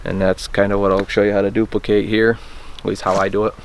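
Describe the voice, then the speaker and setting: Low-voiced man explaining a technique. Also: level tone, quick pace, slight background noise. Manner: plainspoken, hesitant, restarts while explaining. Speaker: turkey call instructor. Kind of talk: casual how-to demonstration.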